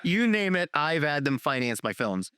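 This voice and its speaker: A middle-aged man hosting a podcast, telling long stories in a loose, profane, animated way with many restarts. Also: fairly high pitch, normal speed, clean tone, dry recording, clean studio sound. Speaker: podcast host, filmmaker. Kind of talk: casual storytelling chat.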